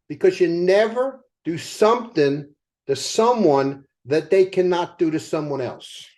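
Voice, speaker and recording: An older man, a company co-founder, telling motivational sales stories to a team and firing rhetorical questions at them. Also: high-pitched. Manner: animated storyteller asking the audience rhetorical questions.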